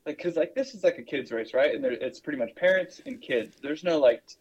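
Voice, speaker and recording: A man's voice: fairly high pitch, expressive, a little fast, lo-fi sound, slight background noise. A man co-hosting a podcast, telling long stories in a loose, rambling way with plenty of fillers. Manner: rambling, filler-heavy storytelling. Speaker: podcast co-host. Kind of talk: casual podcast chat.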